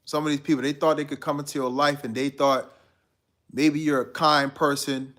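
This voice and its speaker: A man's voice: on the high side, little pitch movement, moderate pace, a bit bright. Laid-back man on a live stream. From United States. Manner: laid-back, slangy, talks straight to viewers. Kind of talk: casual live-stream chat, reading viewer comments.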